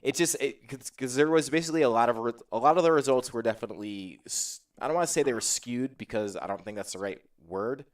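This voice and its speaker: A man's voice: mid-range voice, fast talker, hardly any pauses, far from the mic. A man hosting a casual panel discussion about tournaments, rambling with lots of fillers and restarts. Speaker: podcast host.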